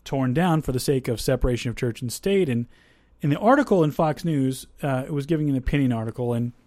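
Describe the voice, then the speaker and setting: A man's voice: mid-range voice, fast, a little mellow, no room sound. Dry-voiced conversational male podcast host. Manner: conversational, thinks aloud with asides and restarts. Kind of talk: casual podcast discussion.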